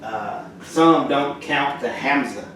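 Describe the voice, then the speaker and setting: A man's voice: mid-range voice, a bit bright. Man teaching letters in an echoey room. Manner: halting, many fillers, slow and clear letter drills. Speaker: Arabic teacher. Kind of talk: casual spoken lesson. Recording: roomy echo from far off, audible noise.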